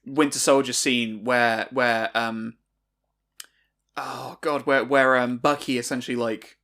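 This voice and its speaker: A young man in his twenties co-hosting a podcast, chatting excitably and restarting sentences. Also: medium pitch, slow, creaky. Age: 20s. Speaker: podcast co-host. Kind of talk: casual comedic chat.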